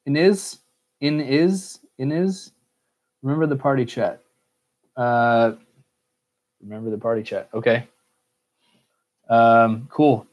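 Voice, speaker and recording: A man's voice: medium pitch, steady tone, measured pace, long pauses. An American man hosting a casual solo Q&A podcast, rambling, cursing freely and joking at his own expense. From United States. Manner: rambling, swears a lot, self-mocking. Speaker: podcast host.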